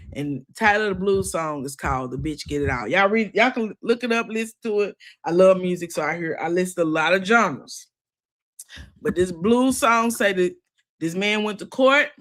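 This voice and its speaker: A middle-aged woman hosting a recap show, chatting casually and with sass. She talks straight to her viewers and laughs often. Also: medium pitch. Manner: sassy, animated, quick to laugh. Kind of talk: casual opinionated chat.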